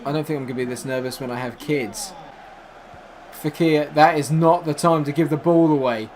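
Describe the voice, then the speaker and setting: Young man, game commentary, shouts at the screen, fairly high voice, faint hiss. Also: fairly even intonation, moderate pace. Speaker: gaming YouTuber. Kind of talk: live football game commentary.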